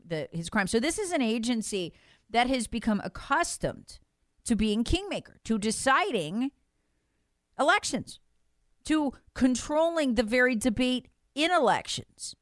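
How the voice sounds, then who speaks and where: A woman's voice: mid-range voice, a bit bright, clean tone, dry recording. A woman hosting a political talk radio show, speaking in an impassioned, emphatic and mocking way into a studio mic.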